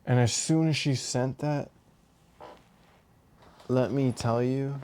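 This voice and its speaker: A man telling a personal story in a rambling, halting way, with many restarts and fillers. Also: medium pitch, steady tone, darkish tone. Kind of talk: casual storytelling monologue.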